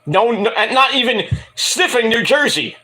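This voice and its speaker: A man with a very high, sharp voice speaks at a normal speed but with great animation. He hosts a wrestling review show, rambling through a self-deprecating story and swearing freely while acting out quotes.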